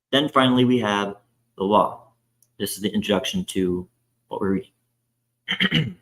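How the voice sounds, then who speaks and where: A man's voice: medium pitch, fairly bright tone, low-quality recording. A man reading a Bible introduction and scripture aloud, carefully, with frequent hesitant fillers and self-corrections. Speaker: scripture reader.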